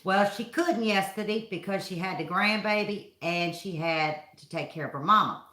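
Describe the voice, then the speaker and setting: Woman, live stream host, folksy casual chat, bright tone, roomy echo. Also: medium pitch, normal speed. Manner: chatty, folksy, greets viewers by name. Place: home. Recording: echoey room.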